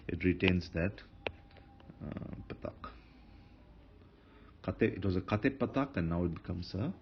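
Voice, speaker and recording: Low-voiced man explaining grammar. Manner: explaining step by step, with fillers and self-corrections. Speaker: Hebrew grammar teacher. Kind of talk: lecture. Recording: dull lo-fi lecture recording with faint noise.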